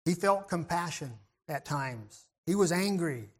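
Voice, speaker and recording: A man preaching a reflective sermon in a gentle way. He often clears his throat and restarts his phrases. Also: a little high, lively intonation, a little slow.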